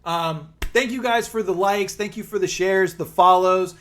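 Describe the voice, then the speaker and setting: A man's voice: high voice, a little slow, a bit bright. A man in his forties, streaming live and chatting casually, upbeat and calling viewers by name.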